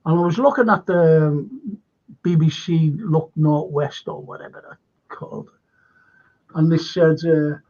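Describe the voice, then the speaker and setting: A man's voice: fairly high pitch, a little slow, a little mellow. An older man with a Liverpool accent who hosts a radio chat show and rambles through anecdotes. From Liverpool, England. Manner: rambling anecdotes, laughs while telling stories. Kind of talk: casual chat. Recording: dull lo-fi sound.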